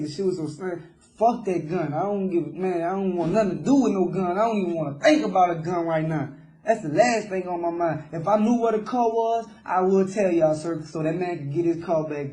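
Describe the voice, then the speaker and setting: Remorseful young man, high dark voice. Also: a little fast, echoey room. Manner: remorseful, repeatedly saying sir. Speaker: jailed suspect being interviewed. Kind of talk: emotional jailhouse interview.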